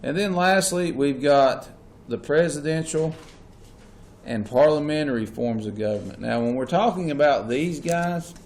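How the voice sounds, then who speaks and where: A man's voice: fairly high pitch, measured pace, a little mellow. A man teaching a classroom lesson. He keeps asking the class questions and repeats the key points. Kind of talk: classroom lecture.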